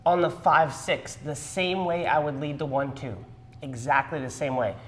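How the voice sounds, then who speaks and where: A man's voice: on the high side, fairly even intonation, moderate pace. A man teaching a partner dance class, explaining moves and counting the beats aloud. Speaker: dance instructor. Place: dance studio. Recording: long hall reverb.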